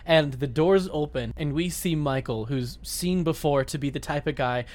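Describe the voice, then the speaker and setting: A man's voice: a little high, normal speed, darkish tone. A man co-hosting a podcast, recapping a movie in casual chat, giggly and rambling with many restarts. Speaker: podcast co-host.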